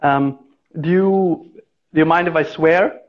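A man grown up in India speaks as a guest in a relaxed interview. He tells anecdotes with energy, acting out the voices in them. His voice sits somewhat high, and the recording sounds dull and lo-fi. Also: a little slow. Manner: animated storyteller who acts out the voices in his anecdotes. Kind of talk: casual interview storytelling.

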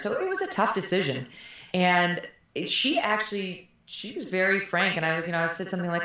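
Her voice is on the low side and a bit bright, with lively intonation and a quick pace; the highs are cut off and the room echoes heavily. This middle-aged woman is an interview guest speaking frankly and animatedly in a candid chat, laughing often.

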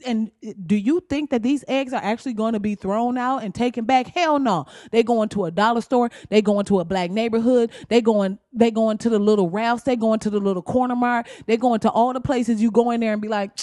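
A woman's voice: a little high, steady tone, brisk, hardly any pauses, mellow, dry recording, clean studio sound. Blunt, profane woman ranting on a podcast. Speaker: podcast host. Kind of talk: solo podcast rant.

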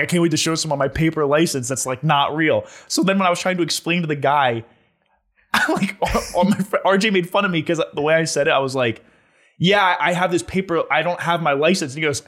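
A young man telling a story in casual chat, animated and laughing as he goes, with lots of filler words. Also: a little high.

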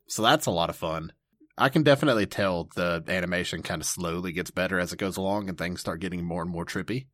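A man's voice: low-pitched, fast, fairly bright tone, dry recording, studio quality. Enthusiastic man on an anime podcast. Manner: enthusiastic, playful, laughs often. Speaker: podcast co-host. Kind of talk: casual anime podcast chat.

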